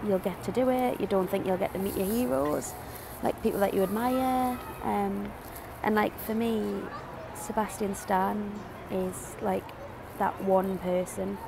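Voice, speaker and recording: A woman's voice: mid-range voice, unhurried, creaky. Woman, twenties, casual vlog, emotional, hesitant, noisy venue. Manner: excited, emotional, hesitant with many fillers. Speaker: vlogger. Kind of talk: casual vlog talk to camera. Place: convention arena and outdoors nearby.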